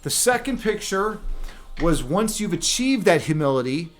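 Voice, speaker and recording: A man's voice: sits high, sing-song, normal speed. A young adult man chatting casually on a live stream, telling stories and reading chat, with many fillers and restarts.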